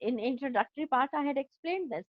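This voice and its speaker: Animated Indian English teacher, high voice. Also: female voice, quick pace, dry recording, narrow, tinny audio. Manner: explains, repeats, checks with "understood?". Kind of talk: classroom lesson explaining a story. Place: classroom.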